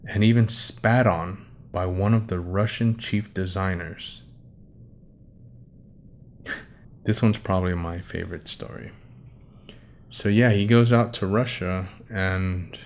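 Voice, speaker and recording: A deep-voiced man reads an article aloud and riffs on it in loose, profane commentary. He stumbles over unfamiliar names and laughs at his own asides, and his slow delivery lets every comment land. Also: a little hiss or hum. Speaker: host. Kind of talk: casual commentary reading an article.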